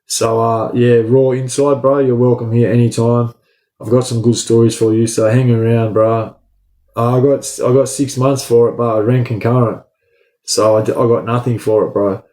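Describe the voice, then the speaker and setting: A man's voice: medium pitch, moderate pace. Australian male streamer, casual slang, answers chat in an echoey room. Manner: relaxed slangy chat to viewers. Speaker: livestream host. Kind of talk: casual live chat reading comments.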